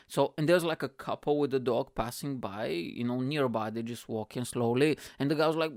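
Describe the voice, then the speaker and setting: A man's voice: medium pitch, fast talker, hardly any pauses, no echo, studio quality. A man hosting a podcast, telling a story in a rambling, profane way with frequent laughs. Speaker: podcast host. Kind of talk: casual storytelling.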